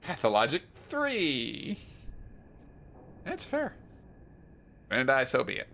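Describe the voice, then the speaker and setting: Gravelly, animated male game streamer. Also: mid-range voice, slow pace, slight background noise. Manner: playful, jokey asides. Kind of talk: let's play commentary.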